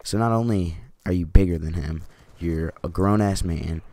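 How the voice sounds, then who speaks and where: Speaking at a moderate pace in a low, mellow voice, a teen vlogger at home rambles through a story, dropping "like" all the time along with some swearing. A little hiss or hum can be heard.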